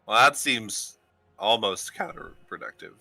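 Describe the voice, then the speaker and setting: A man's voice: fairly low pitch, expressive, a little slow, bright, forceful tone, husky, soft background music. A man playing a tabletop game, joking and playful. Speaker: player.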